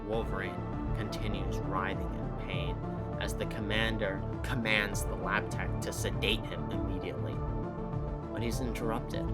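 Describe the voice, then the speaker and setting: A man narrating a comic book story with a steady, even reading. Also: lowish voice, moderate pace, loud music behind the voice.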